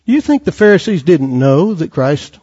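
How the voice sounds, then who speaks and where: A man's voice: a little high, very animated, moderate pace, warm tone, husky. A man preaching a sermon with passion, quoting scripture and firing off rhetorical questions. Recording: dull lo-fi recording.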